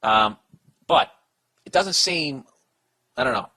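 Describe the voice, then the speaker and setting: Slightly high-voiced man hosting a comedy podcast, swearing and rambling as he gives advice. His delivery is heated and blunt. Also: animated, slow, pushed and bright. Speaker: podcast host giving advice.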